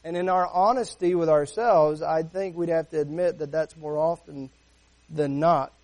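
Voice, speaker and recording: A man with a high voice preaches a sermon in a relaxed, conversational way. He keeps asking his listeners rhetorical questions and slips into little acted-out voices as he makes his points. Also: normal speed. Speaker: pastor.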